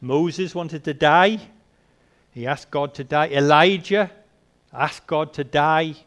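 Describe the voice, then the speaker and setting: A man preaching a sermon, asking rhetorical questions and swinging between soft and emphatic delivery. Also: a little high, slow pace.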